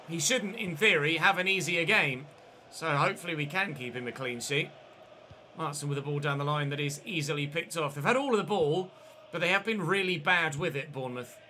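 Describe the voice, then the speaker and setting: A man's voice: a little high, bright, forceful tone, a little hiss or hum. A young man hosting a football video game series, giving chatty commentary like a match commentator and correcting himself as he goes. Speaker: gaming channel host. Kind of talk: casual let's-play commentary.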